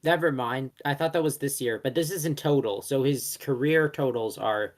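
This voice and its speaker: A man's voice: mid-range voice, moderate pace. Rambling young man chatting sports. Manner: rambling, stumbles on names and corrects himself. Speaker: co-host. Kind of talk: casual sports podcast chat.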